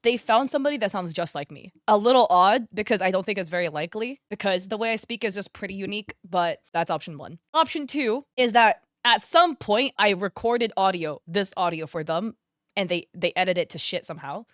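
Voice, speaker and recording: A woman's voice: medium pitch, fairly quick. A woman content creator talking straight to her viewers in a loose, chatty commentary, filler words and mild swearing scattered throughout. She has a crunchy way of shaping her words. The sound is close and dry, with no room echo. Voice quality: crunchy enunciation. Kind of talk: casual commentary vlog.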